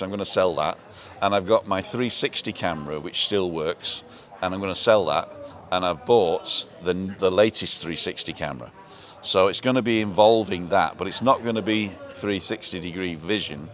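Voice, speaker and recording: A man's voice: deep voice, expressive, moderate pace. A middle-aged man, hosting a live show in a rambling, jokey, self-interrupting chat. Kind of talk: casual chat.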